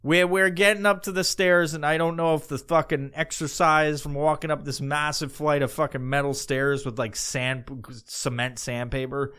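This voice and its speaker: A man's voice: a little high, little pitch movement, moderate pace, hardly any pauses, sharp tone, clear, resonant tone. Foul-mouthed man rambling through a comic story. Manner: crude, profanity-laden, rambling. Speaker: podcast host.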